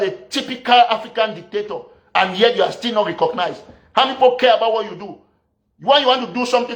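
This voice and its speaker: A man from Southern Cameroon, ranting as a political activist. He scolds his opponents and fires off one rhetorical question after another. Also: high voice. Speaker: activist commentator. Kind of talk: political rant.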